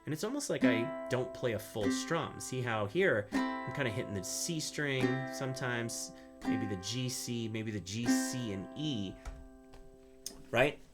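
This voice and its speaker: Over loud music, a man with a medium-pitched voice walks through ukulele rhythm at a measured pace. His teaching is relaxed and explanatory, with strumming between phrases and regular "right?" check-ins.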